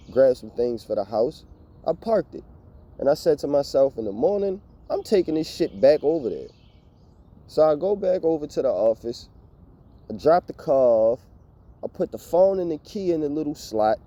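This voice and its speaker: A young man telling a storytime vlog rant, animated, profane and exasperated. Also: fairly high pitch, muffled recording. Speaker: vlogger.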